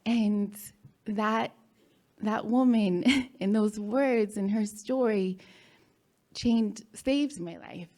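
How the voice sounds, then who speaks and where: Woman telling her own story on stage, slow and mellow, kinda halting with little laughs. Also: medium pitch. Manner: halting, heartfelt, with soft laughs and many fillers. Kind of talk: personal storytelling talk. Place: live event.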